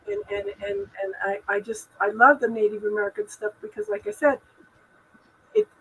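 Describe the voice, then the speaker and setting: A woman hosting a live spiritual chat from home, her voice bright and forward. She rambles through advice in a loose, filler-heavy way, and a faint hum of room ambience sits behind her. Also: on the high side, rough recording. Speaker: host.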